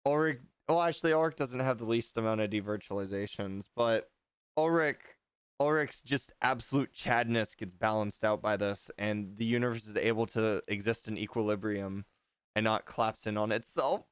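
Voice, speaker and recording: A man's voice: fairly low pitch, normal speed, clean tone, no echo. A man hosting a livestream, chatting casually, rambling and restarting his sentences, with an occasional swear. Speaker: livestream host.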